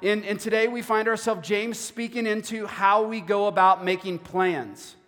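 Male pastor, high voice, earnest sermon, long hall echo. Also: steady tone, normal speed, fairly bright tone. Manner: earnest, repeats words while preaching.

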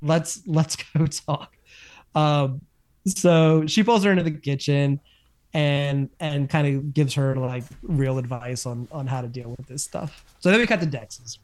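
Male co-host, slightly high voice, casual chatty recap with lots of fillers. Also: measured pace. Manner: animated retelling with many fillers and restarts. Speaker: podcast co-host. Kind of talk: casual chat recapping TV episodes.

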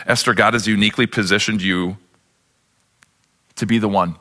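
Pastor guy preaching, bright forceful voice, gets fired up and acts out the bible people. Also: fairly low pitch, steady tone, normal speed. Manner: impassioned preaching, voicing biblical characters. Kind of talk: sermon.

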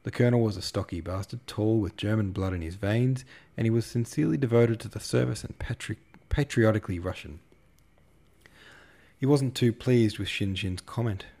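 Man, podcast host, reads novel aloud, low gravelly voice, relaxed asides. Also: normal speed. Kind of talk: reading a novel aloud with commentary.

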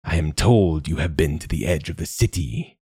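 A man voicing an ancient, secretive machine god in a storybook reading, with a rasping, slow and measured delivery. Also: very deep voice, animated, a little mellow, dry recording, clean studio sound, exaggerated voice. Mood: solemn. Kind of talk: audiobook narration.

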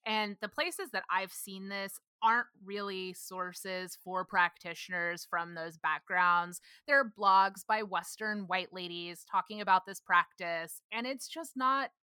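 A woman co-hosting a casual podcast, playful and wry with quick quips. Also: medium pitch, sharp tone, smooth, no echo, studio quality. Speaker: podcast co-host.

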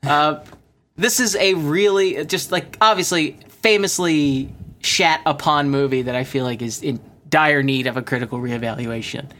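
A man's voice: on the high side, normal speed, fairly bright tone, slight background noise. A man hosting a casual movie podcast, rambling and interrupting himself, laughing often. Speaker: podcast host. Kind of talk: casual chat.

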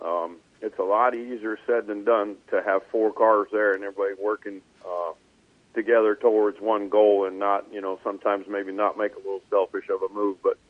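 Man, low voice, tinny phone-line sound, relaxed, measured, lots of um and uh. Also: no room sound. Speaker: race car driver and team owner guest. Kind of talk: casual interview on a phone line.

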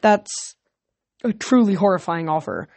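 A woman's voice: lowish voice, animated, a little slow, creaky, a little mellow, no room sound, exaggerated voice. A woman voicing a persuasive teenage girl who pleads insistently, in a dry room. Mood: pleading.

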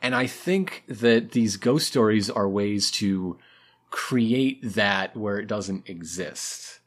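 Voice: mid-range voice, slow. A podcast co-host in casual chat who cracks wry jokes and muses reflectively. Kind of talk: casual chat with jokey asides.

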